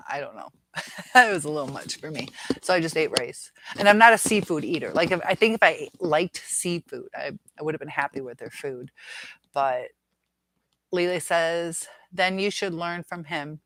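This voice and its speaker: Live-stream host: woman, middle-aged, a little low-pitched, chatty and giggly. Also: a bit bright, a little hiss or hum. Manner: chatty, laughs often, muses aloud. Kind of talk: casual live chat reading comments.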